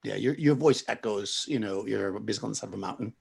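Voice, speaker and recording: A man runs a tabletop game, talking through scenes in a rambling way. His voice is low, with gravelly fry and a husky edge. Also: fast, a little mellow. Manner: rambling, full of fillers and restarts. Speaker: game master.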